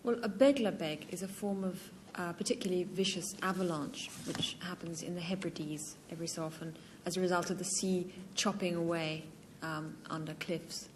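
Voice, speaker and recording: A woman on a TV panel game, calmly giving a matter-of-fact definition. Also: lowish voice, normal speed, hardly any pauses, slight background noise. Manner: composed, matter-of-fact bluffing.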